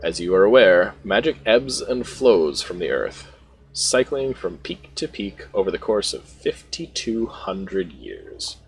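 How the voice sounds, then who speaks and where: A man voicing a slow, pompous male envoy of a dragon in a game, without putting on an accent. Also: low-pitched, big pitch swings, a little hiss or hum, full character voice, rough recording. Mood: solemn. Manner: reads game dialogue aloud without an accent.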